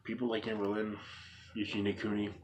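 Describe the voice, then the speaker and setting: Against a noisy background, a male vlogger talks earnestly to the camera at a slightly fast clip. His pitch is fairly low and his delivery completely flat, yet he stays emphatic and repetitive, hammering his point with rhetorical questions.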